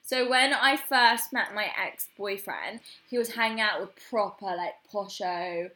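A woman's voice: medium pitch, a little slow, bright, forceful tone. A young woman co-hosting a casual chat podcast, talking in a chatty, rambling, candid way. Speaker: podcast co-host.

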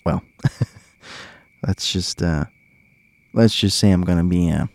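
In a low, darkish voice with vocal fry, a male podcast host talks slowly and in a steady tone. Still, he chats casually and animatedly straight to his listeners, chuckling frequently as he tells stories, and there's no echo.

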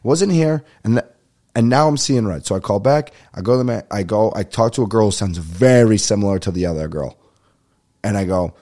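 A man's voice: on the low side, a little fast, mellow. A young adult man casually telling a comic story on a podcast, ranting with lots of swearing and acting out the people he argued with. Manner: profane, ranting, acts out phone calls. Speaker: podcast host.

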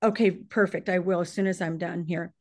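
A woman's voice: fairly low pitch, fairly even intonation, fairly quick, a little mellow. A middle-aged woman leading an earnest spoken prayer, fervent and emotional, choked up and near tears as she reads scripture and lyrics with rising force. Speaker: prayer leader on a briefing call.

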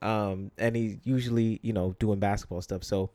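A man's voice: on the low side, steady tone, normal speed, few pauses, dark tone, no room sound, studio quality. A man from the Bronx, New York, hosting a solo podcast in a conversational, blunt way, full of ums and you-knows. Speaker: podcast host. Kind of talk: casual solo podcast commentary.

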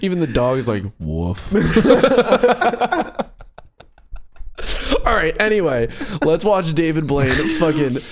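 A man's voice: on the high side, animated, slow, long pauses. A man chatting casually and reacting to a video, laughing often, swearing and doing mock voices. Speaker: co-host.

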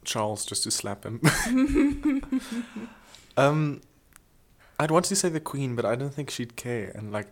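A man co-hosting a casual comedy podcast, telling stories in an animated, chatty way and slipping into playful impressions. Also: medium pitch, takes it slowly, pauses often. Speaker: podcast co-host.

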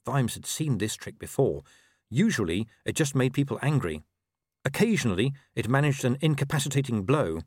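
A man reads a novel aloud with a wry, expressive delivery. His voice rises and falls a lot and sits at a middle pitch. The sound is dry and close, with no room echo. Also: normal speed, husky. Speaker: audiobook narrator. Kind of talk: scripted narration.

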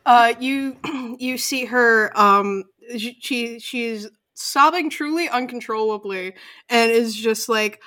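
A woman running a tabletop game as game master, narrating casually in a halting way with frequent swearing. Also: on the high side, sharp tone.

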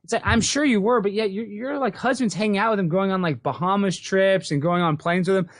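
Young man, very high voice, rapid-fire chat, dry close sound. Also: dry recording. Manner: rapid, animated, swears, acts out quotes. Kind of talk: casual chat.

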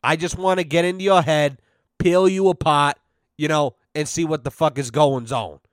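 A man's voice: on the high side, moderate pace, clean tone, no echo, studio quality. Brash, foul-mouthed male podcast host. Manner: brash, animated, heavy swearing, acts out quoted exchanges. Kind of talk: profane storytelling chat.

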